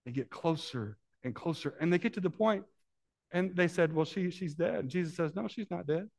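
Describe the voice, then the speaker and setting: A man preaching a sermon as pastor, acting out voices from the Bible story and swinging between hushed, intimate lines and loud, climbing passages. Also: a little high, normal speed, vocal fry. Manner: acts out voices in Bible scenes.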